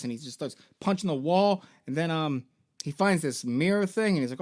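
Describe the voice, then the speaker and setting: A man's voice: on the high side, animated, fast talker. A man, a video game store founder, retelling a game's story in a rambling, profane, joking way.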